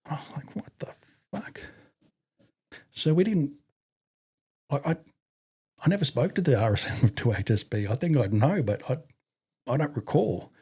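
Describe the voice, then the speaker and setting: A man in his forties with an Australian accent tells a casual anecdote as a podcast guest. His voice is dark and slightly husky, and he swears freely and laughs as he talks. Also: mid-range voice. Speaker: podcast guest, army veteran. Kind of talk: casual storytelling interview.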